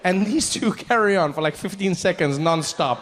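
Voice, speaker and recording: Animated, high-voiced stand-up comedian. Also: male voice, normal speed, big-room sound, slight background noise. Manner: animated, self-mocking. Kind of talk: stand-up storytelling. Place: stage before a live audience.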